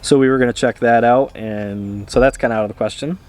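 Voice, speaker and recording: A man's voice: mid-range voice, fairly even intonation, a little fast, darkish tone. Easygoing man chatting on his vlog. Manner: easygoing, rambling, with hesitant fillers. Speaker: vlogger. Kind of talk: casual chat to camera.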